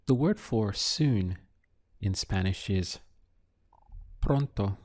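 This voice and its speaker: A man teaching a Spanish lesson, patient and clear, repeating and spelling words slowly. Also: fairly low pitch, expressive, a little mellow. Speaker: Spanish tutor. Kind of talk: slow, clear language lesson.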